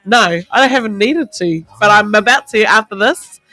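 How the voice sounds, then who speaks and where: A woman with a New Zealand accent hosting casual radio, bubbly and quick to laugh at herself. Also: mid-range voice, lively intonation, bright, forceful tone, no echo, faint music behind. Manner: bubbly, laughing, self-mocking. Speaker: radio host. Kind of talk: casual breakfast radio banter. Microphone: studio mic.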